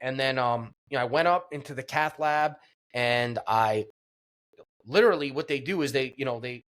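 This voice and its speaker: A man of ordinary mid-range pitch tells a personal story to a podcast host. His delivery is earnest and conversational, full of fillers and restarts. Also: moderate pace, a bit bright. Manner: earnest, vivid retelling with many fillers and restarts. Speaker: podcast guest.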